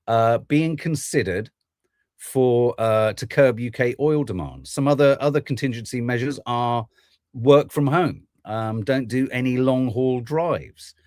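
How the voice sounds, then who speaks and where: A man's voice: mid-range voice, a little mellow, dry recording, clean studio sound. A man hosting a podcast, ranting through political commentary with plenty of swearing. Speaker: podcast host.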